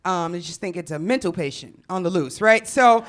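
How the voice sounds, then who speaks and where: Young woman from chicago doing a comedy story, swears a lot, lively, does all the voices. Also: on the low side, normal speed. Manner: profane, animated, acts out quotes.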